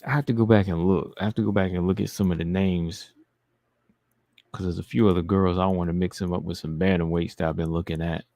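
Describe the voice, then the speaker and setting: Deep gravelly man, laid-back stream talk. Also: fairly even intonation, quick pace, dark tone, no echo. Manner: laid-back, reads chat comments aloud and answers them. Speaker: livestream host reading chat. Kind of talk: casual livestream chat.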